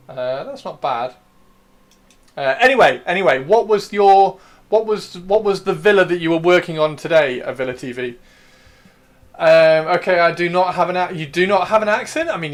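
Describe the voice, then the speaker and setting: A man hosting a casual livestream, chatting and joking in a rambling, playful way and repeating himself as he talks. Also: fairly high pitch. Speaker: livestream host.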